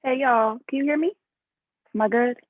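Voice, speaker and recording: A woman poet from Chicago greets the audience in a quick, eager rush. Her voice is slightly high and comes through a thin, phone-like call line. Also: no echo. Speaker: spoken word poet. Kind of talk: casual greeting before performing. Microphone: video call. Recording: tinny phone-like call audio.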